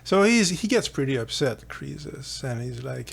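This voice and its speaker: A man's voice: medium pitch, big pitch swings, normal speed, creaky, hardly any pauses, breathy edge. A man hosting a philosophy channel, retelling an ancient legend in a rambling, casual way with fillers and chuckles. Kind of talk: casual storytelling lecture.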